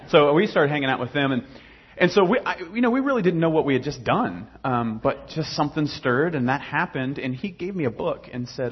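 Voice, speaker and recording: A man's voice: a little high, expressive, fairly quick, hardly any pauses, slightly rough, dull audio. A young adult man casually telling his personal faith story, rambling with many fillers and restarts.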